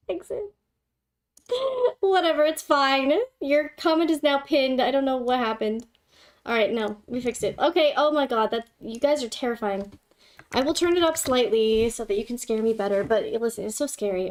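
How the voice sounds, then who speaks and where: A young woman hosting a livestream, chatting with her viewers in a giggly, dramatic, playfully scolding way. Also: high voice. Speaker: livestream host. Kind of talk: casual livestream chat with viewers.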